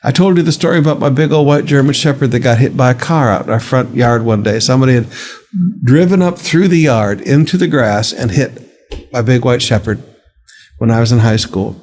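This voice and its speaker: A man's voice: medium pitch, brisk, a little mellow. A male pastor delivers a daily devotional with a mid-range voice. He preaches conversationally, calling his listeners beloved, and leans into key words with rising dramatic emphasis. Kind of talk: devotional sermon.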